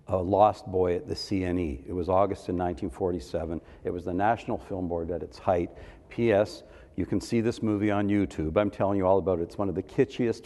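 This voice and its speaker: A man in his seventies from Canada tells playful anecdotes as a panelist, with a deep, low voice. He acts out the people he quotes in his stories. The sound rings with the long reverb of a large hall. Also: dark tone. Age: 70s. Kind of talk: storytelling panel talk.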